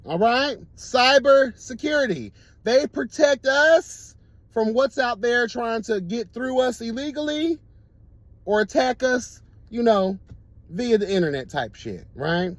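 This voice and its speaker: A man hosting a casual talk show, telling stories in a camp, animated way and laughing often. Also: very high voice, unhurried, no room sound. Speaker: host. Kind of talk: casual storytelling chat.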